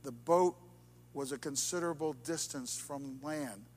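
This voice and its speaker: A man preaching in a high register, swinging from ringing, emphatic lines down to hushed near-whispers. His voice carries a long reverberation off the walls of a large church hall. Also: measured pace. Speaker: pastor. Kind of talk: sermon. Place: church sanctuary.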